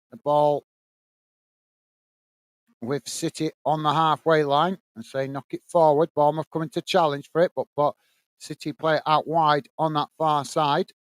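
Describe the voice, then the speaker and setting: A man from the UK hosts a live football watch-along, giving a steady running commentary on the match. His voice sits a little high and sounds smooth and clear. The recording is dry and close, with no room sound. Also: no echo. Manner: steady play-by-play, lifts pitch when greeting viewers.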